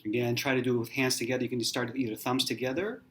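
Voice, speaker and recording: A man in a hotel room gives a casual piano lesson into a camera mic. His voice sits at an ordinary middle pitch, and he talks in a relaxed, demonstrative way, counting finger numbers aloud. A faint hiss of background noise runs under the recording. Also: fast talker. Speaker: piano teacher.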